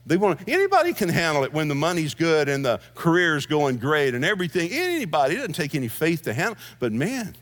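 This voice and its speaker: A man's voice: a little high, big pitch swings, fairly quick, few pauses, fairly bright tone. A middle-aged man, a senior pastor preaching a sermon in a conversational storytelling way, with asides and easy laughs.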